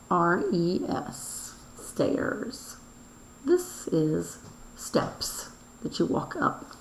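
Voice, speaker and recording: A woman teacher going over a daily review, explaining slowly and spelling out words letter by letter. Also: mid-range voice, creaky, slight background noise. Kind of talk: recorded classroom review lesson. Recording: roomy echo.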